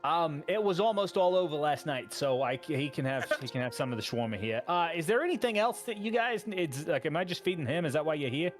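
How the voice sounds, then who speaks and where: A man's voice: on the high side, expressive, quick pace, few pauses, faint music behind, natural voice. A man voicing a nervous male tavern chef who stammers and keeps restarting his sentences. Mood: flustered.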